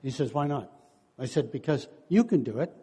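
A man's voice: medium pitch, expressive, moderate pace, dark tone, slightly rough. Older man preaching in a reverberant hall. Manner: storytelling, acts out quotes, chuckles often. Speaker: preacher and counselor. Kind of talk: sermon.

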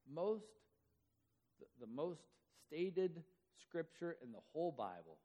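A man's voice: medium pitch, very animated, fairly quick, dark tone. A man preaching a sermon in a conversational way, acting out the quoted voices as he goes. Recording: long hall reverb.

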